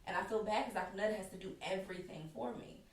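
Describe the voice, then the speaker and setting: A woman's voice: medium pitch, brisk. A woman guest on a podcast, telling her story candidly and animatedly, laughing often and acting out others in quotes. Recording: roomy sound from a distant mic.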